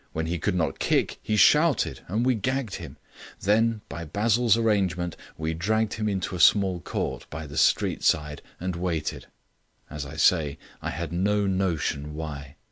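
Deep-voiced man reading a storybook. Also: a bit bright, dry recording. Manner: measured storytelling. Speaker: audiobook reader. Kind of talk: scripted narration.

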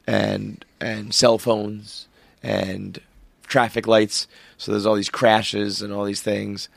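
A man's voice: fairly low pitch, creaky, no room sound. A man, young adult, hosting a casual chat and telling a rambling, swearing story. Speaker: podcast host.

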